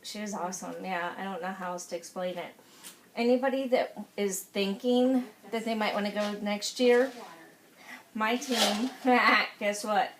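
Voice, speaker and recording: A woman's voice: mid-range voice, unhurried. A woman, a sales consultant, talking casually and emotionally to her group, searching for words as she gushes. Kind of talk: casual group sharing at a meeting. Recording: noisy room recording.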